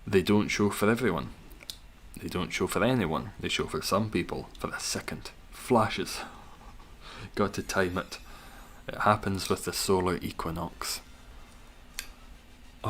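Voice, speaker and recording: A man's voice: deep voice, fairly bright tone, a little hiss or hum. A young man hosting a live game stream, chatting casually, answering chat and teasing viewers with dry humor. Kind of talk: casual live-stream commentary while gaming.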